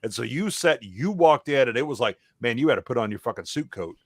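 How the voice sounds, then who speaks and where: A man's voice: mid-range voice, animated, a little fast, slightly rough, no room sound. A man in his fifties in a casual talk stream, emphatic, swearing and often asking "right?". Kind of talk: casual chat.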